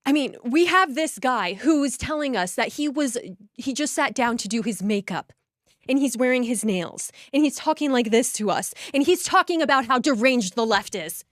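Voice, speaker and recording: A woman's voice: fairly high pitch, animated, normal speed, no room sound, studio quality. A woman giving indignant, emphatic political reaction commentary.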